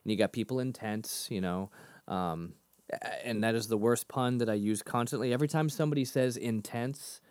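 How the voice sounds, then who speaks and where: A man's voice: medium pitch, a little mellow, no room sound. Guy from near boston, rambly podcast co-host, laughs a lot, mid voice, dry mic. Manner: rambling, self-deprecating, quick to laugh. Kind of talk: casual chat.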